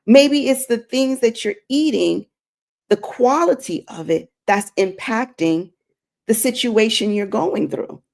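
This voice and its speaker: A woman's voice: a little high, takes it slowly, creaky, a little mellow. A woman streaming a faith-based talk to her viewers, earnest and preachy, repeating herself for emphasis. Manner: addresses viewers directly. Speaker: inspirational streamer.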